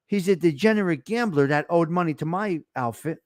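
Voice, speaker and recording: A man's voice: a little high, expressive, fairly quick, hardly any pauses, no room sound, clean studio sound. A middle-aged man hosting a casual chat, telling stories in a blunt, profane, tough-guy way. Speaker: show host.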